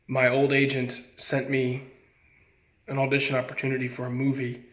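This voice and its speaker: A man's voice: mid-range voice, gravelly, fairly bright tone, echoey room. A young man, an actor, talking casually to camera and giving a friend earnest, frank advice.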